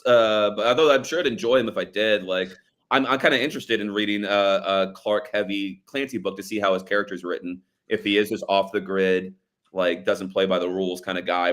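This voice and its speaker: A man's voice: on the low side, fairly bright tone. A man co-hosting a casual movie podcast, talking loosely and a little profanely and quoting lines from the film in offhand voices. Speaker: podcast co-host. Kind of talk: casual movie review chat.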